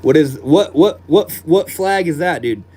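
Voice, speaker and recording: A man's voice: on the high side, lively intonation, unhurried, warm tone, a little hiss or hum. A man live streaming from his desk at home, chatting casually and reading out viewer comments in a laid-back, slangy way. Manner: laid-back and slangy, calls people bro and dude.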